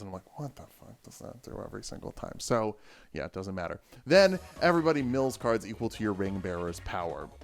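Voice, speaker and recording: A man casually walking through the cards of a deck, joking and going off on rambling asides, with faint music behind him. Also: lowish voice. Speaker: deck tech host. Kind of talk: casual card game deck review.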